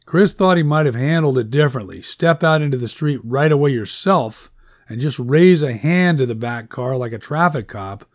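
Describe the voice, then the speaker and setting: A man's voice: medium pitch, no echo, studio quality. A man narrating a story in a conversational, wry storytelling manner. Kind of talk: audiobook narration.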